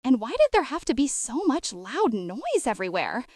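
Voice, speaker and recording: Lively woman reading an audiobook. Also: high-pitched, moderate pace, no room sound, clean studio sound. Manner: expressive, lively storytelling. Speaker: audiobook narrator. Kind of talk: scripted narration.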